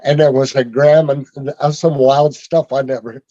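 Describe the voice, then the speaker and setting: A man telling his own story on a video call in a rambling, halting way, with many fillers and restarts. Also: mid-range voice, fairly even intonation, warm tone, dry recording. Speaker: speaker sharing his story. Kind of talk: rambling personal testimony. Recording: dull lo-fi video call audio.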